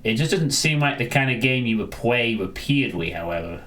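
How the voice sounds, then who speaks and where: A man's voice: medium pitch, expressive, brisk, a bit bright. Rambling man chatting on stream. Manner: rambling, answers chat, frequent restarts. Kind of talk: casual live-stream chat.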